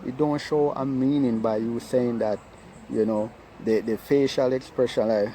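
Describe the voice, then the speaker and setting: A man speaks in an informal advice talk on relationships. His voice is warm and darker in tone. He circles back over his points, repeats himself, and keeps checking in with his listeners. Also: mid-range voice, fairly even intonation, moderate pace, slight background noise, poor audio. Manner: earnest, repetitive, keeps asking "right?".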